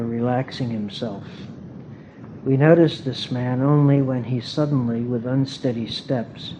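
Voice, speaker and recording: A man's voice: medium pitch, background noise. Man reading a story, muffled tape. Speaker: reader at a spiritual gathering.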